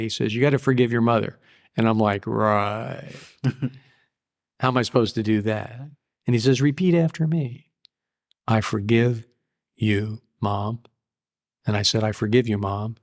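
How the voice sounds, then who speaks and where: A man's voice: fairly low pitch, creaky. An older man in a candid interview about his recovery, blunt and profane, telling stories plainly. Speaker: guest.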